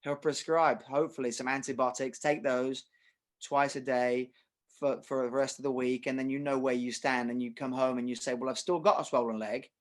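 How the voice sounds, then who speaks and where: A middle-aged man coaching through a relaxed podcast conversation. He explains ideas with lively acted examples and a conversational, expressive manner. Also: medium pitch, normal speed. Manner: animated storyteller, uses acted examples. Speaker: tennis coach. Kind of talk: casual podcast chat.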